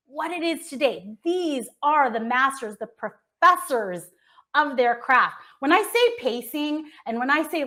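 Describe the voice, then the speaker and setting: A woman's voice: sits high, a bit bright. An American woman hosting a casual entertainment chat show, talking with gushing enthusiasm. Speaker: host.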